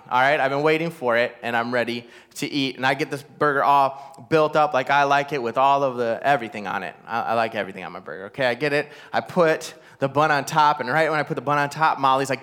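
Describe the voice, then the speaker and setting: A man telling a personal family story to a live audience. He is animated and self-deprecating, with frequent asides to the listeners. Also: medium pitch, a little fast, smooth. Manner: animated, self-deprecating, rising to loud exasperation at the climax; talks straight to listeners with frequent "all right?" asides.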